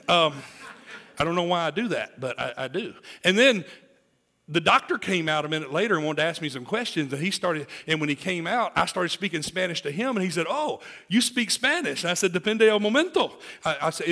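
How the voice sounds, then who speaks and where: Man in his forties, pastor delivering a sermon; gravelly, slightly high voice, jokes a lot, punches key lines then drops low. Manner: lively, joking, swings from loud emphasis to hushed asides.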